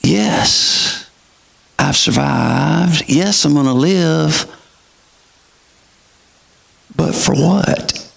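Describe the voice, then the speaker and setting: A man's voice: fairly high pitch, drawn-out words, vocal fry, pauses often, fairly bright tone, full character voice. A man voicing an anxious, searching businessman. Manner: searching, rhetorical questioning. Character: anxious wealthy businessman questioning his purpose.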